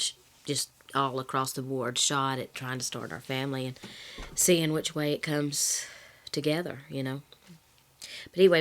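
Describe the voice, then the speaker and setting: A woman talking candidly to camera in a personal vlog, rambling and correcting herself, with a slight cough and throat-clearing. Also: extremely low pitch, fairly bright tone. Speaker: vlogger.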